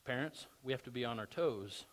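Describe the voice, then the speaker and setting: A man's voice: medium pitch, brisk. A man preaching a sermon as pastor, conversational with emphatic bursts.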